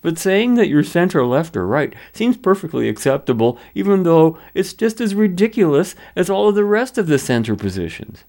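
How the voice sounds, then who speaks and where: A man's voice: high-pitched, very animated, moderate pace, hardly any pauses, darkish tone. A man hosting a broadcast, delivering scripted commentary in an emphatic, lecturing way. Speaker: radio host.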